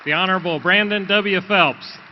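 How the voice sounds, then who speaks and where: A man with a somewhat high voice reads out a speaker's introduction, tripping over words now and then. His voice rings with a long reverb through a dull, lo-fi recording. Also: normal speed, some chatter behind, slight background noise. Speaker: rally emcee.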